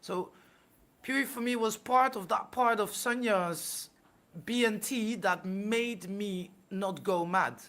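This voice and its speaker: A woman guest on a live stream, speaking earnestly in a halting way, often restarting her sentences. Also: mid-range voice, a bit bright. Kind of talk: casual chat.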